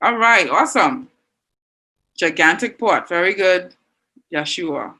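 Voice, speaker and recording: A woman's voice: on the low side, expressive, takes it slowly, pushed and bright, low-quality recording. Encouraging Bahamian woman teaching online. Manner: encouraging, reads out student answers. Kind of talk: online class lesson.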